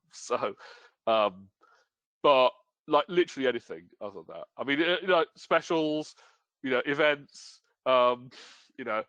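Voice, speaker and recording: A man's voice: medium pitch, animated, measured pace, long pauses, fairly bright tone, no echo, dull audio. A British man presenting a webinar as a game store owner, talking casually with lots of fillers and self-deprecating humor. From United Kingdom.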